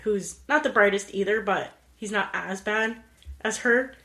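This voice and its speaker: A woman co-hosts a podcast, casually recapping a film and acting out the characters' lines as she retells it. Her mid-range voice is bright and forceful, and she speaks a little slowly.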